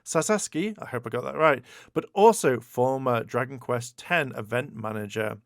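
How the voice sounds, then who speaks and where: A man hosting a casual video, commenting on gaming news in an animated, exclaiming way with stammered repeats. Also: medium pitch, moderate pace, creaky, no room sound, studio quality. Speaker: YouTube host.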